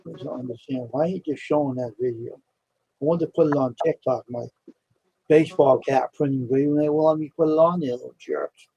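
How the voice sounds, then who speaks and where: A man's voice: medium pitch, steady tone, brisk, warm tone, slightly rough, muffled recording. Grumbling man greeting stream viewers. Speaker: live stream host. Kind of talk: casual live stream chat.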